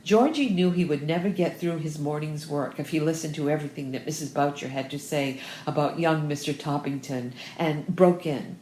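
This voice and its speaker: A woman narrating an audiobook, reading in a lively, expressive way. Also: sits low, normal speed, few pauses, a little hiss or hum. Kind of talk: scripted narration. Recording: roomy echo.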